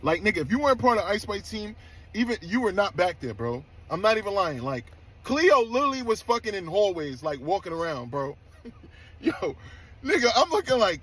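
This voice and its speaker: High-voiced man telling a wild story. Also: moderate pace, breathy edge. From New York. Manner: animated, profane, slangy retelling. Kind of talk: casual storytelling clip.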